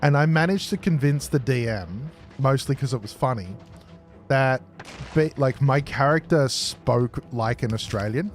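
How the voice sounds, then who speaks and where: A man's voice: medium pitch, unhurried, soft background music. A man streaming a factory-building game, chatting and joking casually with his viewers. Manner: jokey, chatty, responds to chat aloud. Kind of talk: casual live-stream chat.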